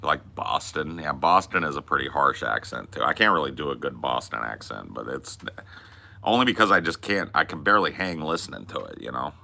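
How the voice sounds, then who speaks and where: Animated, swearing podcast host man. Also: a bass voice, fairly quick, creaky. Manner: animated, profane, joking. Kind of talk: casual podcast chat.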